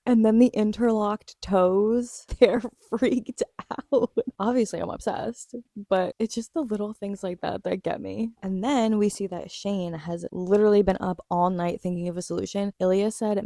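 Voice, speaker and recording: Young female vlogger, animated and gushing, mellow low tone, dry close-miked sound. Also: dry recording. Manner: gushing, animated, swears casually, laughs often. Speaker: vlogger recapping a TV episode. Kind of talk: casual excited recap chat.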